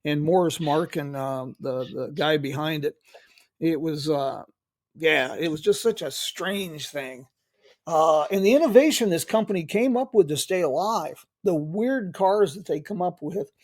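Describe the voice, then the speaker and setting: A middle-aged man hosting an interview, rambling with many pauses and restarts. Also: fairly high pitch, no room sound, studio quality. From United States. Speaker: host. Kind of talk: casual interview chat.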